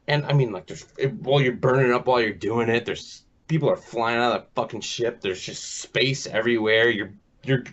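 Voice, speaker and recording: A man's voice: medium pitch, slight background noise. A man telling a casual, rambling, profane gaming story as a podcast host, full of fillers and restarts. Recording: dull lo-fi recording.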